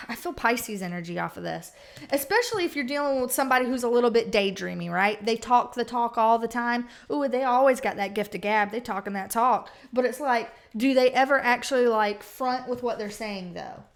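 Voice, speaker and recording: A woman's voice: a little high, fairly quick. Blunt, chatty woman reading tarot. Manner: blunt, chatty, swears freely, acts out quoted people. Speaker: tarot reader.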